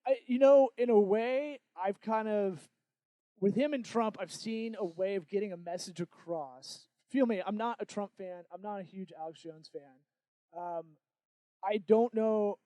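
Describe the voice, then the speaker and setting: A man hosting a podcast in casual comedic chat, playful and jokey, breaking into loud bits. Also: high voice, normal speed, no room sound. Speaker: podcast host.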